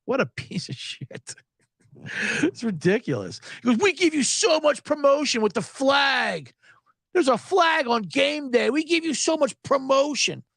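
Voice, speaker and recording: With an unhurried delivery and vocal fry, a man hosts a live sports podcast from Los Angeles in clean studio audio with no room sound. Sarcastic and animated, he rants casually and frequently mimics others in a high, raised voice.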